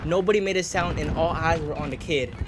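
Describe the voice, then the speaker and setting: A young man with a slightly high voice talks fairly quickly, casually recounting an embarrassing story while he plays a shooter game. He's a gaming video creator, animated and slangy, dropping "bro" again and again. Game gunfire and background noise sit behind his voice.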